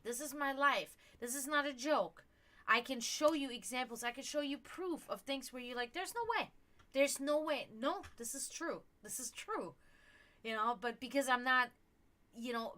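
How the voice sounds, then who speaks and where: A woman hosting a psychic livestream, talking casually in an animated, rambling, earnest way with many fillers. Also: on the high side. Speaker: livestream host and psychic reader.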